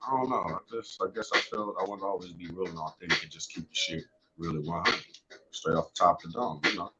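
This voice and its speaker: A man's voice: sits low, fast talker. A young man hosting a casual, unedited podcast from home on earphones, talking loosely and with lots of swearing. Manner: loose, profane, rambling. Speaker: podcast host. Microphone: earphones headset. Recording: dull lo-fi home recording.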